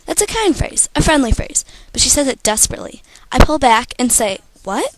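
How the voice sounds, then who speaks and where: Teenage girl reading her story, high-pitched. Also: a little fast, no room sound, low-quality recording. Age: teens. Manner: steady first-person storytelling. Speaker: student author.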